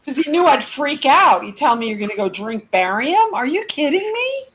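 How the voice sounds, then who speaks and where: A woman's voice: high-pitched, big pitch swings, moderate pace, fairly bright tone, rough recording. A woman angrily venting in a casual chat, exasperated and swearing often. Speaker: participant in a group chat.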